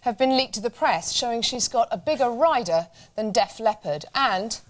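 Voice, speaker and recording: A woman co-presents a comedy show with wry, teasing links. Her voice is high and moves around a great deal. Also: animated, normal speed.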